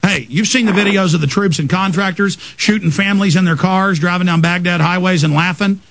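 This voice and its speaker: A man's voice: sits high, fairly quick, a bit bright, dry recording. A man hosting talk radio, ranting in a fiery torrent of accusations. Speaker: radio host.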